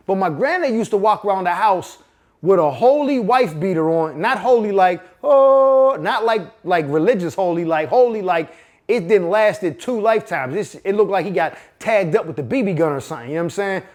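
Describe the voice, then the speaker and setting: High-voiced man telling a street story. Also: normal speed. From Pittsburgh. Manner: animated, profane, street slang. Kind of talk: casual comedic storytelling.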